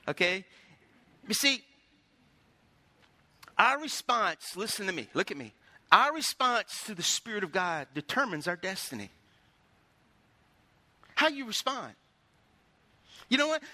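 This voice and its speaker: A middle-aged pastor delivers a sermon in a folksy, storytelling style, pushing the congregation to respond. His voice is very high, very bright and sharp. The recording is close and dry, with no room sound.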